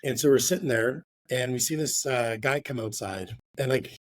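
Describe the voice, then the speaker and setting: A man's voice: medium pitch, moderate pace, no room sound. Chatty man telling a work story. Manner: rambling, filler-heavy, swears, ends with "right?". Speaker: real estate agent guest. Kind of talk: casual storytelling interview.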